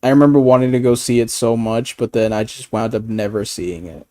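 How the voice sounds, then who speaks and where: A man's voice: medium pitch, fairly even intonation, a little fast, warm tone. A man talking casually, rambling with stammered restarts, frequent swearing and bursts of laughter. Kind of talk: casual chat.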